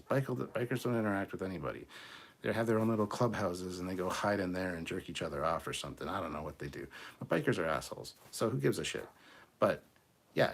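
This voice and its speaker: A man's voice: sits low, husky. A man hosting a casual livestream, reading viewer comments and answering them in a blunt, profane, argumentative way.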